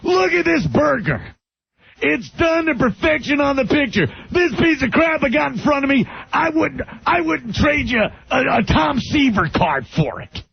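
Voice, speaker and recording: Irate TV pitchman, high, gravelly, shouting, lo-fi radio sound. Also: big pitch swings, dry recording, full character voice. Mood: ranting. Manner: barking complaints, rapid rant. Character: loud cranky male TV pitchman yelling at diner waitress. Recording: dull lo-fi radio recording.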